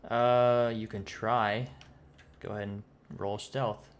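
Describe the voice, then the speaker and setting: A man running a tabletop game as game master, talking in a halting way with many fillers and restarts, with a cough. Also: on the low side, little pitch movement, clear, resonant tone.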